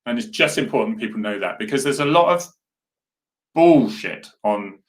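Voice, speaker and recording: A man's voice: mid-range voice, lively intonation, moderate pace. A man hosting a casual live chat, talking earnestly and rambling as he answers viewer comments. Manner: rambling, earnest, with many restarts and asides to viewers. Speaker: host.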